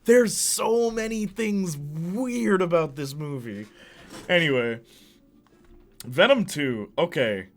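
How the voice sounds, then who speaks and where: A man hosting a casual movie ranking, excitable and slangy, laughing often as he talks. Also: on the high side, slow, soft background music. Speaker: host.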